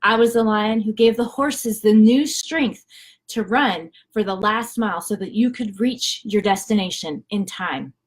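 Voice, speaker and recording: A woman quoting a wise, gentle male lion in a calm, reassuring way while retelling a story. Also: high-pitched, unhurried.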